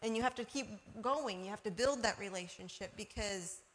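At a medium pitch and normal speed, a woman shares everyday examples during a casual talk about faith. Her storytelling is warm and punctuated by laughs and frequent "you know"s.

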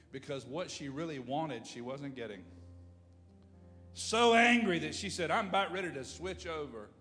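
Male pastor, impassioned sermon delivery, swings loud to low, reverberant church hall. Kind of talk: sermon with prayer.

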